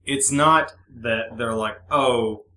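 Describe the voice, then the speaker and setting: A man's voice: medium pitch, moderate pace, sharp tone, slight background noise. Blunt young man in an echoey room. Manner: blunt, sardonic, profane. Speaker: podcast host. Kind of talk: casual chat.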